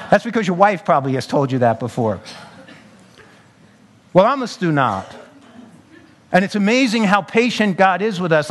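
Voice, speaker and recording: High-voiced fervent male pastor preaching. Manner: fervent preaching with repeated phrases and Italian-American slang. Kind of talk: sermon. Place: church sanctuary.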